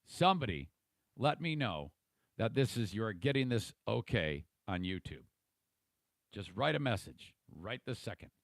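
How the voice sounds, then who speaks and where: A man's voice: fairly low pitch, big pitch swings, a little slow, vocal fry, no room sound. A podcast host talking through a casual livestream monologue, rambling and irritable, swearing freely and restarting his sentences.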